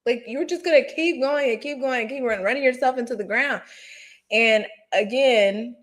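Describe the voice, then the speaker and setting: A woman co-hosting a casual gossip podcast, animated and exclamatory, laughing as she talks. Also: a little high, normal speed. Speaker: podcast co-host.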